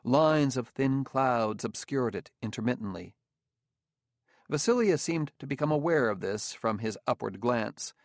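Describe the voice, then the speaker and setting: Gravelly male audiobook narrator. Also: medium pitch, animated, measured pace, no echo, clean studio sound. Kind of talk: scripted narration.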